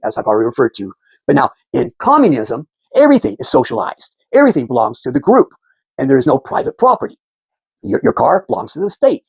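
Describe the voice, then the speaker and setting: A man talks through civics in a loose, rambling way, stumbling and restarting often. His voice is gravelly and husky, slightly high, and the sound is dry and close. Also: darkish tone, dry recording. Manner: rambling, many restarts and fillers. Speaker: civics commentator. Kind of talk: casual explanatory talk.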